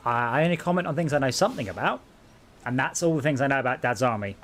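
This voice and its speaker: A man's voice: medium pitch, lively intonation, fast talker, fairly bright tone. Wry man bantering on stream. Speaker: stream co-host. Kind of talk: casual gaming chat. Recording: faint background noise.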